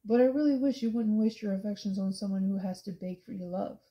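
Woman voicing a sneering young man, dark flat delivery. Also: mid-range voice, quick pace, lo-fi sound, lightly acted. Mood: mocking. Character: mocking, bitter young man captive.

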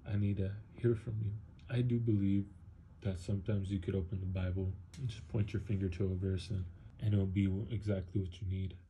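A man's voice: low voice, level tone, fairly quick, mellow, slight background noise, poor audio. A man giving an earnest, emotional personal testimony, heavy-hearted and quoting scripture like a preacher. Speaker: Christian video testimony speaker.

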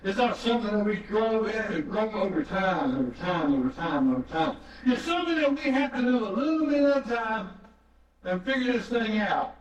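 In a church sanctuary, a pastor with a high, animated voice preaches at normal speed, telling a story earnestly and repeating phrases for emphasis. The recording sounds echoey, distant and dull.

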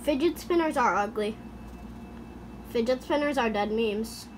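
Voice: medium pitch, a little slow, a little hiss or hum. A gaming YouTuber giving goofy, chatty commentary over gameplay, talking into a headset mic. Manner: chatty, goofy, makes sound effects.

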